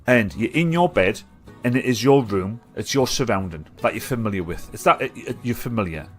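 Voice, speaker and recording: A man with a broad Mackem accent hosts a casual live stream, talking in a loose, rambling way with plenty of swearing. His voice swings up and down in a lively way while sitting at a middling pitch. Faint music plays behind him. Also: brisk. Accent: Mackem (Sunderland). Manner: rambling, chatty, swears freely.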